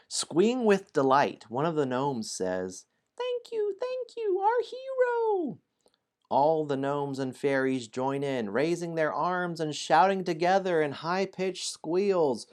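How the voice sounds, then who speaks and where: A man hosting a game stream, chatting playfully and apologetically with viewers and reading a story aloud, laughing often. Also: mid-range voice. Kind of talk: casual stream chat and storybook narration.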